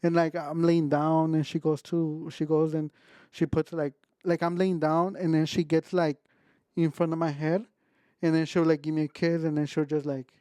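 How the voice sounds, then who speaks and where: A man's voice: on the high side, little pitch movement, moderate pace, mellow, smooth, no room sound, clean studio sound. A young man, a podcast co-host, telling a family story in a rambling casual way and acting out what people said. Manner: rambling, acts out his own quotes.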